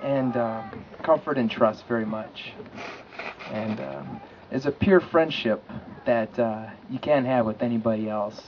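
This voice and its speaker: A man gives his wedding vows as the groom, halting and emotional, pausing with fillers as he chokes up. His voice is mid-pitched. The audio is dull and lo-fi with a faint hiss, from an outdoor lakeside ceremony. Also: fairly even intonation. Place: outdoors by a lake.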